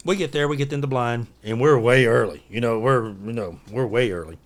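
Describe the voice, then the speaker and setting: Guy from telling a hunting story on a podcast, mid pitched, acts out the bits. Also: fairly quick. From Tennessee. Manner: lively storyteller who acts out his own quotes. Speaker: podcast guest.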